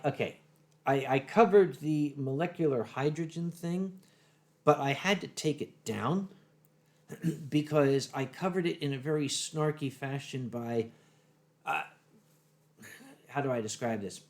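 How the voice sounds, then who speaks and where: A man's voice: mid-range voice, unhurried, pauses often, darkish tone. A man in his thirties co-hosting a live stream, chatting casually with a dry, snarky wit. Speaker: stream co-host. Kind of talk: casual chat.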